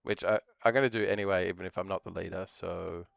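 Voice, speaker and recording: A man with a low, smooth, resonant voice chats his way through a live stream, jokey and rambling, often trailing off and restarting his thoughts. The sound is dry and a bit muffled. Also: fairly even intonation, fast talker, no echo. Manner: rambling, jokey, self-interrupting. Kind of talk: casual live-stream chatter.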